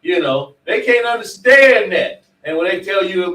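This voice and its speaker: A man's voice: fairly high pitch, moderate pace, few pauses, a bit bright. A man teaching a class, preaching emphatically and quizzing his students. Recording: echoey room, mic far off.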